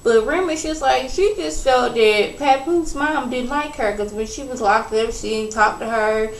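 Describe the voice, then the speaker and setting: A woman's voice: on the high side, moderate pace, roomy sound, poor audio. A woman giving a casual recap with a sassy, incredulous manner, acting out the people she quotes. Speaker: reality TV recap vlogger.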